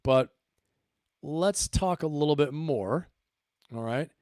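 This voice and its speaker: A man's voice: fairly high pitch, slow, darkish tone, no echo, clean studio sound. A man hosting a livestream, giving emphatic commentary and repeating his points for stress. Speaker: host.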